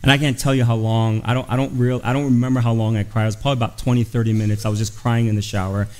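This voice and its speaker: A man's voice: mid-range voice, level tone, rapid-fire, a little mellow, low-quality recording. A middle-aged man preaching a storytelling sermon, with a voice that sits in an ordinary middle register. He speaks earnestly and confessionally, and he brings the people in his story to life by acting out their lines. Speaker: guest pastor.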